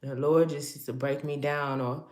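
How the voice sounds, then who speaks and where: A woman's voice: low voice, steady tone, moderate pace, darkish tone, roomy sound. A woman delivering a prophetic word in rhythmic, rhyming lines, speaking casually and laughing often.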